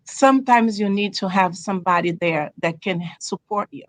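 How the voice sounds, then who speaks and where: A woman's voice: mid-range voice, normal speed, no room sound. Brazilian-accented woman, earnest and emphatic. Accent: Brazilian Portuguese. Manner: earnest, emphatic, short repeated declarations. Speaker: guest. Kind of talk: casual podcast chat.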